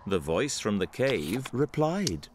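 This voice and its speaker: A man narrating a rhyming storybook in an animated film, with measured storytelling over music. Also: on the low side, slight background noise. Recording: music underneath.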